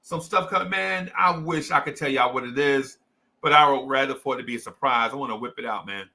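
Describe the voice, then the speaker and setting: Gravelly, bright-toned New Jersey man. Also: medium pitch, brisk. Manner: slangy, repetitive, hype. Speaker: sports show host. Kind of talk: casual livestream chat to fans.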